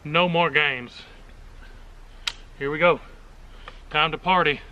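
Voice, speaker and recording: A man's voice: on the high side, fairly even intonation, slow pace, bright, forceful tone, muffled recording, a little hiss or hum. A man hosting a casual outdoor shooting demonstration, talking in a folksy, joking and enthusiastic way, recorded on an action camera outdoors at a rural range. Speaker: firearms video host.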